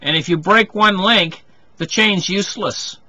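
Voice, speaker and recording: A man's voice: high voice, unhurried, sharp tone, low-quality recording. A man giving a rambling monologue, circling back with restarts and frequent asides. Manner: rambling, full of restarts and "you know".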